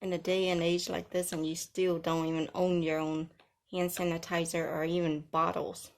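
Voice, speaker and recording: A woman's voice: lowish voice, flat delivery, normal speed. A woman ranting in a vlog, giving mocking, bossy commands. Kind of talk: taunting vlog rant.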